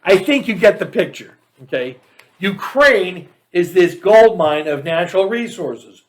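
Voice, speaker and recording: A man's voice: high-pitched, expressive, measured pace. A man hosting a political commentary monologue, reading facts aloud and breaking in with sarcastic, mocking asides. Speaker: show host.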